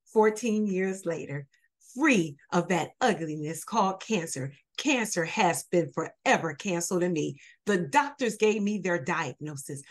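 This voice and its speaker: A woman who is a minister, telling her personal testimony in an animated way and acting out both sides of each exchange. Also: on the low side. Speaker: guest, minister. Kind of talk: storytelling testimony.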